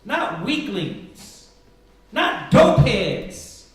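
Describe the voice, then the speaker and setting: A man's voice: high voice, big pitch swings, extremely slow. A man teaching a live Sabbath Bible class, preaching emphatically and asking rhetorical questions. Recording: echoey room, far from mic.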